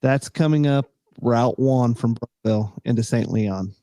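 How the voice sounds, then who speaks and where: A man's voice: medium pitch, unhurried, dark tone, dry recording, clean studio sound. A middle-aged man co-hosting a casual chat show, rambling with many fillers and restarts. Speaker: podcast co-host.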